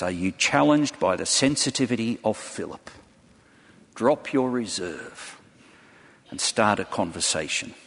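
A man's voice: sits low, a bit bright, breathy edge. A man preaching a sermon to a large congregation, telling stories earnestly and putting direct questions to his listeners. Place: church hall before a large congregation. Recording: long hall reverb.

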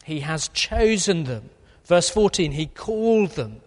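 A man's voice: on the high side, sing-song, measured pace. A man preaching an earnest expository sermon, with a few fillers. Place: church. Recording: long hall reverb.

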